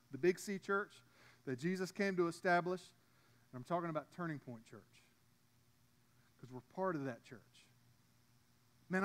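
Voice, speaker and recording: A man's voice: fairly high pitch, fairly bright tone. A man preaching a sermon as pastor, in a conversational way with frequent restarts and asides to the congregation.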